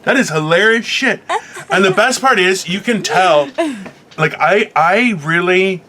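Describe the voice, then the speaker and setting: A man's voice: high-pitched, measured pace, slight background noise. A man co-hosting an unscripted chat show, ranting and joking with lots of swearing and playful quoted voices. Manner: profane, joking, animated rant; puts on silly voices when quoting people. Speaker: co-host.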